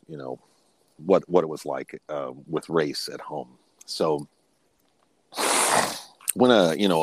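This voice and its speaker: A man's voice: very deep voice, no echo. A man in his fifties, a podcast guest, telling personal stories in a frank, rambling way and often restarting his sentences. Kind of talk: personal storytelling in casual conversation.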